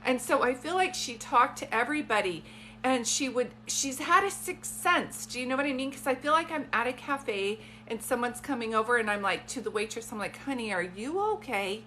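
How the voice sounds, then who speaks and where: A woman's voice: a little high, a little fast, bright, forceful tone, a little hiss or hum. A woman giving a psychic reading on a live stream from a phone, talking in chatty, rambling asides. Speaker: psychic medium.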